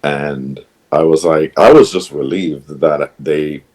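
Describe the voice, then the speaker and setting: A man on a podcast telling a personal story in a hesitant, halting way, full of pauses and restarts. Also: rumbling low, darkish tone, low-quality recording. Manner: hesitant, many ums and restarts, emotional retelling. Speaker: podcast guest.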